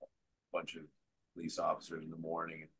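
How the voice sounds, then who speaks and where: An older man, an actor being interviewed, telling stories from his life and career in a lively way, acting out the voices of people he quotes. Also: extremely low pitch, fairly quick, slightly rough, poor audio. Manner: animated storyteller who acts out quotes. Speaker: guest actor. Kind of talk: conversational interview storytelling.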